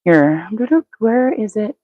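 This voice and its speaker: A woman's voice: mid-range voice, slow, dry recording, narrow, tinny audio. An older woman doing a live-stream tarot reading, chatty and matter-of-fact, speaking to viewers by name. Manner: even, matter-of-fact delivery. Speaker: tarot reader.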